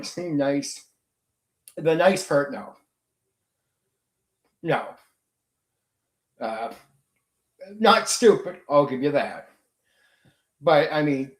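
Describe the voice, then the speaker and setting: Man, middle-aged, channel host, blunt, profane, ranting, fairly high voice, echoey room. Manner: blunt, heavily profane, venting. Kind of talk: casual ranting livestream chat.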